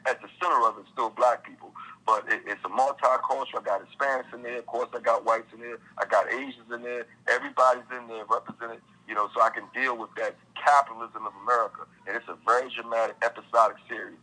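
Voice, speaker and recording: A man's voice: medium pitch, bright, forceful tone, slightly rough, poor audio. A man, an author being interviewed, talking passionately in casual slang and acting out his characters. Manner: impassioned, acts out friends' dialogue in casual slang. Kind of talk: animated interview talk.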